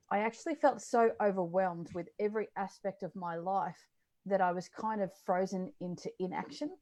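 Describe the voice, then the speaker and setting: Encouraging woman co-host, mid-pitched, casual chat with fillers. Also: a little mellow. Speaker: co-host and coach.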